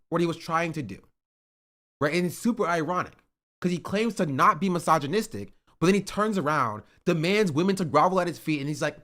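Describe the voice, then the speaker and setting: A man's voice: fairly high pitch, animated, brisk, a bit bright. A man streaming live commentary, heated and repetitive, tagging "right?" onto his points. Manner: heated, repeats "right?" often. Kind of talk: livestream commentary.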